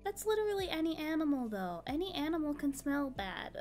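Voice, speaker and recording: A woman's voice: high voice, sing-song, faint music behind. A tired woman streamer chatting casually and sleepily, trailing off between thoughts. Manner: sleepy, drawn-out casual talk with soft laughs. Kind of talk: casual chat.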